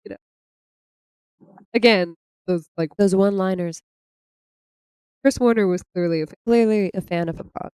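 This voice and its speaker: A woman co-hosting a podcast, retelling a comic in casual chat, animated and laughing often as she acts out the characters' lines. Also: mid-range voice, moderate pace, pauses often, smooth, no echo. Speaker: podcast co-host.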